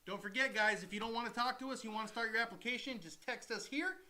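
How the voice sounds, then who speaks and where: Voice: medium pitch, fast, pushed and bright, slight background noise. A co-host in a casual live Q&A, reading out viewer questions and making playful asides.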